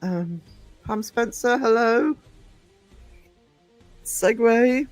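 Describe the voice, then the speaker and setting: A man live-streams, chatting with viewers in an affectionate, scattered way and calling them sweetie and darling. He says "um" often and trails off while reading chat. His voice is very high-pitched and very slow, with no echo and soft background music.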